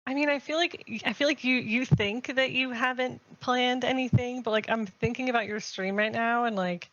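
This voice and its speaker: A woman's voice: fairly high pitch, fairly even intonation, normal speed, fairly bright tone. A woman hosting a casual stream chat, giggly and rambling, full of "like" fillers. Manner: giggly, rambling, many likes. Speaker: host. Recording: dull lo-fi sound.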